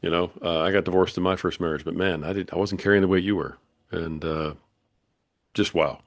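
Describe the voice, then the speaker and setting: A man's voice: low-pitched, fairly even intonation, brisk, no room sound, clean studio sound. A man hosting a podcast, talking casually and encouraging his guest, calling him "brother.". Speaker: podcast host. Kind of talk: casual interview chat.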